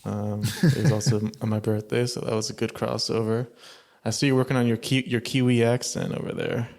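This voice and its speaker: A man's voice: medium pitch, little pitch movement, a little fast, creaky, darkish tone. A man co-hosting a film podcast in casual chat, with dry, punning humor. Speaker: podcast co-host.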